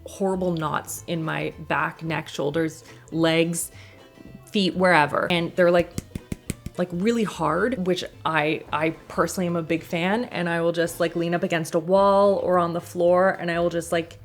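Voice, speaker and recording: A woman's voice: on the low side, fairly even intonation, moderate pace, soft background music. A woman casually talking through products she uses at home in a chatty, rambling way, laughing often between thoughts. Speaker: lifestyle vlogger.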